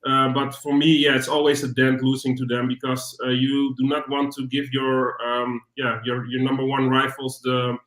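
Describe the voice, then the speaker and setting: A Dutch-accented man speaks on a fan panel from an echoey room. His voice stays flat and even. He talks haltingly and often repeats his words. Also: medium pitch. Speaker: guest fan pundit. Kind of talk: casual panel discussion. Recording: roomy echo.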